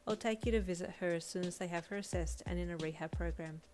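Woman reading chill romantic hero guy, casual, low-ish voice. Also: quick pace, a little mellow, slight background noise, lightly acted. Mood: gentle. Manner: casual, easygoing. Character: relaxed, romantic young male hero. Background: faint lo-fi drum music.

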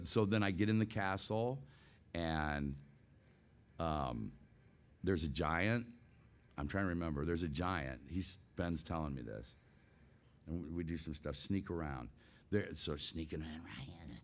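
A man in his sixties, a guest voice actor, telling an anecdote in a casual, animated way, laughing often and acting out scenes. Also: low-pitched, unhurried, long pauses.

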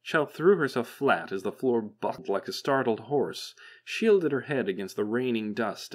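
A man reading an audiobook chapter as narrator, in a measured, steady way. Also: lowish voice. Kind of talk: scripted narration.

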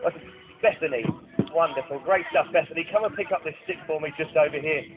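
A man's voice: on the high side, fast talker. A man presenting a falconry display at an outdoor arena, joking and coaxing children from the crowd into the show. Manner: jokey, cheerful, coaxing children. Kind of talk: live outdoor show commentary with audience. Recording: tinny phone-like camcorder audio with music behind.

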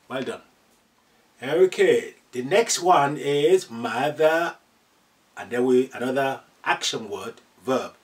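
Male Arabic teacher, mid-pitched, patient repeater, recorded at a distance. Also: lively intonation. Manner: patient, repeats phrases slowly for learners. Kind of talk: classroom lesson.

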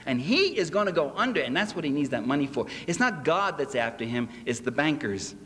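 A man lectures a convention crowd in a sarcastic, mocking tone and slips into acted quotes. His voice sits on the high side for a man. The sound rings with long hall reverb over a faint bed of ambience. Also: very animated, a little fast, fairly bright tone, a little hiss or hum. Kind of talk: public lecture to a convention audience.

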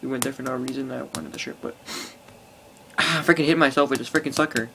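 A man's voice: mid-range voice, fairly quick, sharp tone, slight background noise. A teenage boy rambling casually to an iPod camera, full of fillers and swearing. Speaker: vlogger. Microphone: phone or iPod held close.

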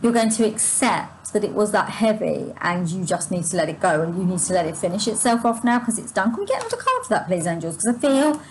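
A woman's voice: mid-range voice, sing-song, fast talker, hardly any pauses, background noise. A woman giving a tarot reading to her viewers, searching for her words with many restarts and asides, her throat sore and her breath short. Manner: sighs and yawns while reading. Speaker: tarot reader. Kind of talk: spontaneous spiritual reading to viewers.

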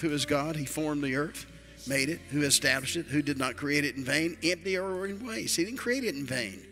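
A man's voice: fairly high pitch, normal speed, hardly any pauses, bright, forceful tone, soft background music. An older man, a retired pastor, preaching a sermon in a church with emphatic, repetitive declarations.

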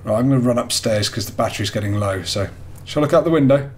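A man's voice: mid-range voice, quick pace, a little mellow, a little hiss or hum. A man commentating his horror game play, jumpy, swearing, yelping and pleading with the game. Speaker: gamer playing a horror game. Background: game music.

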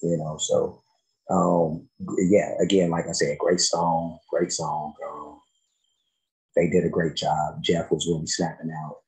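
Deep gravelly man reacting casually. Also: flat delivery, a little slow, darkish tone, poor audio. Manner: laid-back, slangy, many fillers. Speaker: music reaction host.

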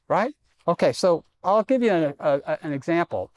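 A man's voice: a little high, expressive, normal speed, dull audio. Middle-aged man preaching a folksy sermon. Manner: conversational, self-deprecating humor. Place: church sanctuary.

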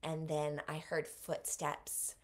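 A woman in her thirties, an author, is a guest on an interview podcast and vividly retells a personal story. Her voice sits low and monotone, turning soft and slow at the moving moments.

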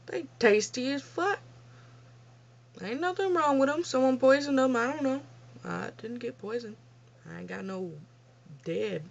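A woman's voice: high voice, lively intonation, unhurried, gravelly, long pauses, a little hiss or hum. A young woman telling childhood stories in a casual vlog Q&A, blunt and profane, often laughing at herself. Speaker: vlogger. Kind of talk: casual storytelling Q&A. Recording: dull lo-fi home recording.

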